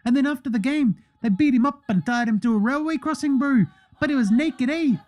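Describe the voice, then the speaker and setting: Man doing a cheeky Kiwi baller, high and bro-y. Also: fairly quick, a little mellow. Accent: New Zealand. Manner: tacks "eh, bro" onto every sentence. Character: cheeky young male basketball star, playful prankster. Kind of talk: comedic impression monologue.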